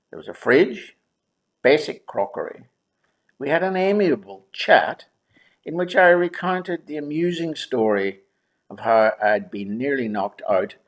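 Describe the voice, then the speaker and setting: A man in his seventies telling his own story in a wry, dryly humorous way, with pauses and drawn-out words. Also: lowish voice. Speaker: memoir narrator. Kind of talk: reflective first-person storytelling.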